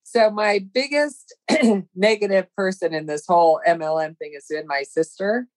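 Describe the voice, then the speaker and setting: A woman's voice: mid-range voice, normal speed, darkish tone, no room sound, rough recording. A woman taking part in a group coaching talk, answering briefly and agreeably. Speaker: group participant. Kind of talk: casual chat.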